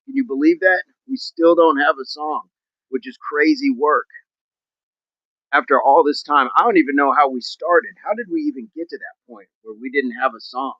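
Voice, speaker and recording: A man's voice: fairly high pitch, expressive, normal speed, no echo, muffled recording. A man hosting a fitness livestream, chatting to his viewers in an upbeat, rambling, jokey way. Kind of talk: casual livestream chat to viewers.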